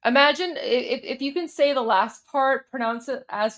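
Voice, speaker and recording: A woman's voice: a little high, moderate pace, hardly any pauses, fairly bright tone. A woman hosting a casual political commentary livestream, chatty and repetitive, turning emphatic and insistent when she argues a point. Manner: chatty, repeats words and restarts while coaching pronunciation. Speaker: livestream show host.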